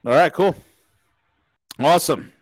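A man's voice: fairly high pitch, unhurried, slightly rough, no echo, poor audio. A man hosting a casual live-stream talk show, jokey and rambling, laughing at his own gags. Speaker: host.

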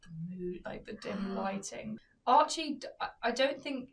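A young woman co-hosting a podcast, recalling a night out in casual chat with quick reactions. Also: medium pitch, expressive, recorded from a distance, slight background noise. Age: young adult. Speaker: podcast co-host.

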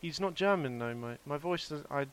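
A man's voice: fairly high pitch, expressive, moderate pace, a bit bright. A man from England co-hosting a podcast over a video call, joking and giggling, often trailing off mid-sentence. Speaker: podcast co-host. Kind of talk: casual chat.

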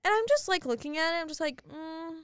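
Racing along in a very high voice, a young woman co-hosts a podcast recorded in a clean studio without room sound. She giggles frequently while chatting casually and telling lively stories.

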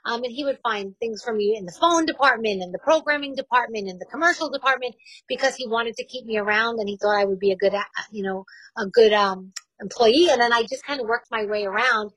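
A woman with a New York accent, a longtime radio host, chats openly about her career. Her voice sits fairly high and sounds dry and close to the mic. She speaks frankly and laughs often. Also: fairly quick, fairly bright tone, no echo, rough recording. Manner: candid, chatty, laughs easily. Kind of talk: casual interview chat.

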